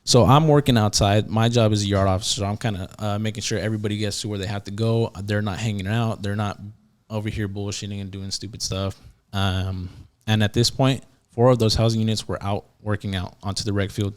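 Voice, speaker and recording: A man with a lowish voice tells a story on a podcast in a loose, casual way. He fills gaps with "uh" and "like", restarts his sentences and slips into the voices of the people in his story. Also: brisk, clear, resonant tone. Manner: animated, acts out quotes, many fillers and restarts. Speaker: podcast guest, former prison yard officer.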